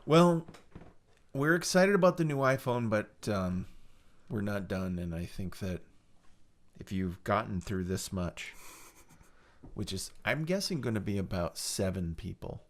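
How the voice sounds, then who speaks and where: A man's voice: lowish voice, lively intonation, unhurried. Guy cohosting a podcast, teasing and joking around, voice bounces all over the place. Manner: teasing, playful, tries silly accents. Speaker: podcast co-host. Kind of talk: casual chat.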